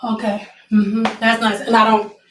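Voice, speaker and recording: A straight-talking woman with a fairly high voice chats casually to her livestream viewers as she works. She sits back from the mic in an echoey room. A faint hum of noise stays behind her. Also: little pitch movement, moderate pace, recorded from a distance. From Detroit, USA. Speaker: hair stylist livestreaming. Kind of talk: casual livestream chat while working.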